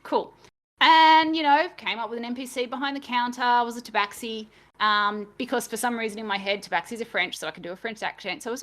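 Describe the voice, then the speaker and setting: Woman, game master, fairly high voice, casual self-deprecating chat. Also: fast, fairly bright tone. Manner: chatty, self-deprecating, laughs easily. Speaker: game master and podcast co-host.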